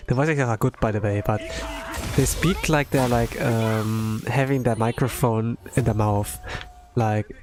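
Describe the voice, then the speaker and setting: A man giving casual, rambling commentary as he plays a game, filling his talk with "like" and bursting out with excitement. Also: mid-range voice, unhurried, music in the background. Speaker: streamer.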